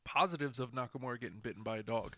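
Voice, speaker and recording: A man co-hosting a casual podcast chat, playfully teasing his co-host and firing off quick questions. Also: medium pitch, bright, forceful tone, dry recording, studio quality.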